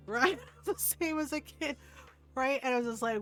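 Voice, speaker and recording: An older woman with a fairly high voice chats casually as she streams a game. She tells stories with frequent laughs and keeps asking "right?". Soft music plays faintly behind her. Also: normal speed. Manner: chatty storyteller, laughs often, says "right?" a lot. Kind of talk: casual chat while playing a game.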